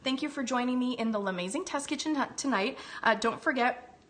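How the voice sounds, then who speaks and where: Bubbly and talkative, a woman runs a live cooking demo from her own kitchen, raving about the food and chatting as she eats. Her voice sits high, sounds fairly bright, and moves fairly quickly.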